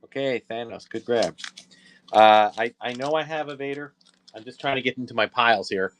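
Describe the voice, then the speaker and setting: A man selling collectible figures on a live stream, talking casually to viewers and often correcting himself between quick auction calls. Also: medium pitch, noisy background. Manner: chatty, self-correcting, quick asides to viewers.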